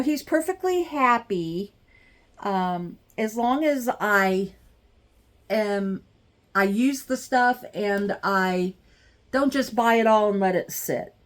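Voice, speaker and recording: A middle-aged woman with a fairly high voice gushes excitedly to her viewers in a casual home vlog, speaking at an unhurried, drawn-out pace. A camera mic captures her in a craft room.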